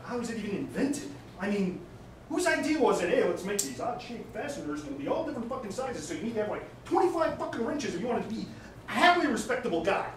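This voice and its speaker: A man's voice: very high voice, sing-song, fast. A man performing an improv comedy scene on stage, rambling into a profane rant, heard from a distance. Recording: echoey noisy stage from afar.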